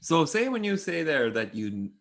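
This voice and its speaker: A man's voice: a little high, sing-song, normal speed, a bit bright. An Irish man co-hosting a podcast, reading out quirky news items in easygoing casual chat. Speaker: podcast co-host.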